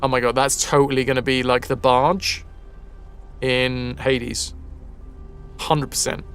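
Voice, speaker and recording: A man's voice: medium pitch, little pitch movement, slow, fairly bright tone. A man streaming a game, chatting casually with viewers, reading game text aloud and swearing now and then. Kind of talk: casual gameplay commentary with chat. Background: faint game music.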